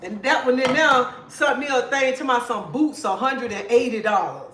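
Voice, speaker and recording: An older woman chats on a livestream, telling lively stories full of quoted back-and-forth. Her voice sits a little high. The room is echoey, with a faint hiss underneath. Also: moderate pace. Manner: animated storytelling with quoted dialogue. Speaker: livestream host. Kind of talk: casual chat.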